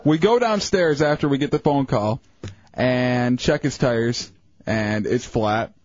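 A man's voice: medium pitch, takes it slowly, a little mellow. A man co-hosting a radio show in easygoing, teasing banter. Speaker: radio co-host. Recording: dry, slightly dull studio mic.

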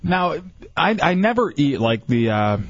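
A man's voice: on the high side, very animated, a little slow, dry recording, highs cut off. A man co-hosting a casual late-night radio show, laid-back and easygoing, with many hesitant fillers. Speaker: radio co-host.

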